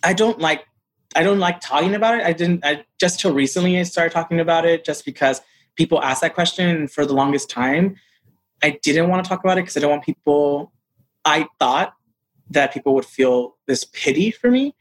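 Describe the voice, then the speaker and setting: Animated man telling a story. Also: normal speed. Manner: animated, acts out quotes in a higher voice. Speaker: interview guest. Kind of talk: storytelling in casual interview.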